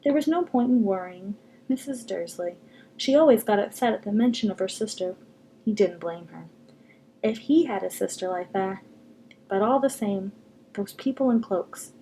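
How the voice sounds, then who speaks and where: A woman reading a novel aloud on a video, telling it expressively with dramatic pauses. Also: medium pitch, warm tone, slight background noise, low-quality recording.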